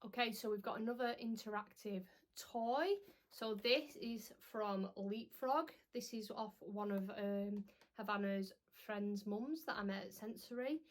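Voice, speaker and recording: Chatty young mum vlogging. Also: female voice, medium pitch, unhurried. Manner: chatty and rambling, with frequent "um"s. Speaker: parenting vlogger. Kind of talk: casual chat to camera.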